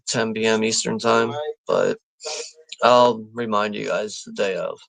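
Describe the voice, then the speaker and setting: A man's voice: on the low side, fairly even intonation, measured pace, creaky, fairly bright tone, rough recording. A man hosting a live watch party stream, chatting casually and rambling, with lots of fillers, restarts and easy chuckles. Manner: easygoing, chuckles often.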